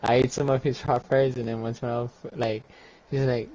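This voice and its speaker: A man's voice: medium pitch, little pitch movement, brisk, darkish tone, a little hiss or hum. A man in casual chat, telling a profane story between bursts of laughter. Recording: dull, muffled lo-fi audio.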